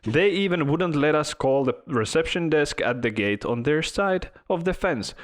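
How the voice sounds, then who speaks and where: A man's voice: a little high, animated, moderate pace, close to an everyday voice. A man putting on a British accent to voice a fussy upper-class hotel guest, pompous and indignant as he complains. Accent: put-on British.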